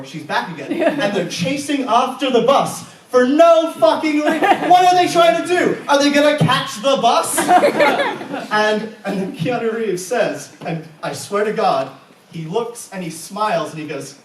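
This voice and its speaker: A man's voice: high voice, recorded from a distance, a little hiss or hum. A young man doing live stand-up and compering, with profane, incredulous rants and frequent laughter into a handheld mic. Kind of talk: live stand-up comedy with crowd work. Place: comedy club stage before a live audience. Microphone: handheld stage mic. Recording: echoey live room, voice off-mic at times.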